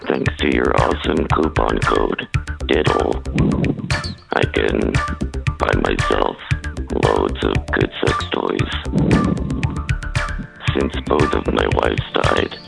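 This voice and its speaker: A man plays a cheerful old widower in a comedy ad read. The voice is extremely deep and gravelly and the delivery is slow. Loud electronic music plays beneath him. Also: full character voice. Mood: chipper. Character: cheerful elderly male fan, sickly widower. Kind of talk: comedic ad spot. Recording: loud synth music behind.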